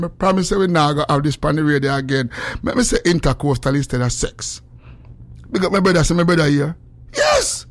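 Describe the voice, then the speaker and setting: A man with a Jamaican accent hosting a call-in radio show, swinging between loud preachy shouting and low mumbled asides. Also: vocal fry. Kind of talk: animated call-in radio rant.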